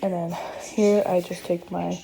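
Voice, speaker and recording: A young woman with a slightly hoarse voice, chatting casually in a vlog from her apartment, rambling with lots of fillers. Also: fairly low pitch, level tone, a little slow, warm tone, low-quality recording. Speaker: vlogger. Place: apartment, indoors.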